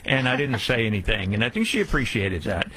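A man's voice: mid-range voice, sing-song, a bit bright, breathy edge, low-quality recording. A man hosting a call-in radio show, telling a rambling anecdote full of fillers and giving out the call-in number. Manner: upbeat plug with slow repeated phone number.

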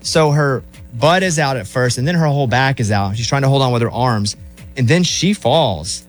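A man's voice: medium pitch, lively intonation, normal speed, soft background music. A man hosting a radio show, bantering casually with his co-hosts in the studio.

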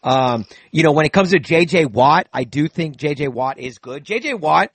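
Man, casual sports talk, husky voice, dry close sound, restarts a lot. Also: on the high side, animated, moderate pace, a bit bright, dry recording. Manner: rambling with many restarts and fillers. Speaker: co-host.

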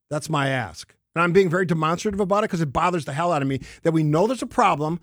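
Male radio host, pitched a bit high, forceful and exasperated, dry studio sound. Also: lively intonation, quick pace, few pauses, no echo. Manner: emphatic, exasperated. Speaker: radio talk show host. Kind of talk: opinionated talk radio.

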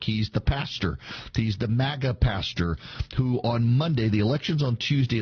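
A man's voice: medium pitch, husky, dull audio. A man giving casual political commentary, chatty with sarcastic asides and frequent fillers. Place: Tulsa, Oklahoma.

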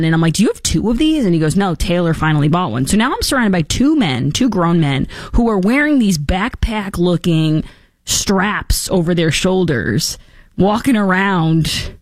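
Lively, chatty woman talk show host. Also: medium pitch, no echo. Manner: animated, chatty, laughs often. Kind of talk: casual talk show banter.

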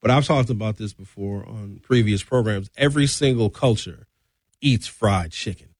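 A middle-aged man from Wisconsin hosting a talk radio show, giving a blunt, sarcastic opinion monologue with sudden high outbursts. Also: normal speed, breathy edge, dry recording, studio quality.

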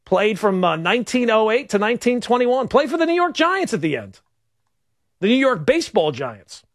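A male sports radio host riffs in a rambling, wry monologue. His voice sits high and swings widely in pitch, and it sounds dry and close in the studio. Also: very animated, moderate pace, no room sound. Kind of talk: casual talk radio monologue.

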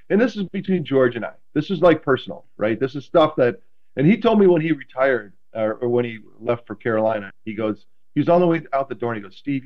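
Male interview guest, animated storyteller, self-deprecating, mid pitch, slightly lo-fi sound. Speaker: guest, former quarterback.

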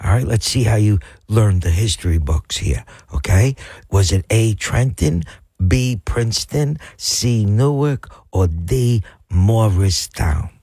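A man's voice: on the low side, lively intonation, takes it slowly, warm tone, breathy edge, no echo, clean studio sound. A man on a radio show reading a history quiz question and repeating himself along the way. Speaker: radio cohost.

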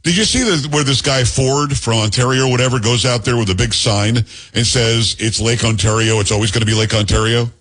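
A man's voice: mid-range voice, brisk, a bit bright. A man hosting a podcast, talking in a joking, rambling, teasing way. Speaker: podcast host. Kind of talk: casual podcast chat.

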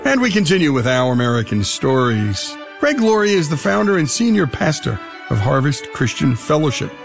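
A man hosting a radio show, reading a smooth scripted introduction for his guest. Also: fairly high pitch, sing-song, normal speed, over music. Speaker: radio host.

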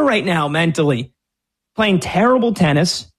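Man, slightly higher-pitched, opinionated tennis betting analyst, casual and rambling. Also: moderate pace. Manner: opinionated, rambling, many restarts. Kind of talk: sports betting commentary.

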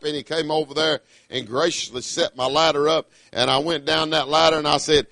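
A middle-aged man, preaching a sermon emphatically, breaking into high cries of hallelujah. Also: steady tone, brisk, hardly any pauses, fairly bright tone, no room sound. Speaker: pastor.

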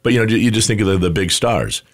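A man's voice: on the low side, fast. A man co-hosting a podcast, chatting casually about a TV show and rambling through his points. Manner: rambling, full of restarts. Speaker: podcast co-host.

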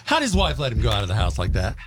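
Male radio co-host, animated pitch, wry and jokey, music under the talk. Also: racing. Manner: lively, jokey, wry asides. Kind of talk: casual entertainment chat.

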